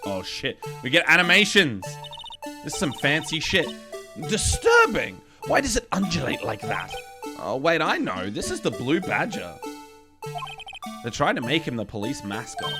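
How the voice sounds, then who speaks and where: A man's voice: a little high, huge pitch swings, moderate pace. A man streaming a game playthrough, joking and swearing casually while reading the characters aloud, over game music. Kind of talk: game playthrough with voiced dialogue.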